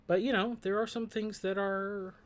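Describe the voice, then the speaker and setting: A host talks through the lyrics of a song in reflective commentary, thoughtful yet hesitant, often restarting and using fillers. His voice is high-pitched, delivered flatly at a moderate pace.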